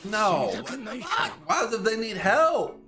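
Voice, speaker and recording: A man hosting an anime reaction channel, talking casually and excitedly, exclaiming and swearing as he talks to the screen. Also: sits high, takes it slowly. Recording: music playing loud behind.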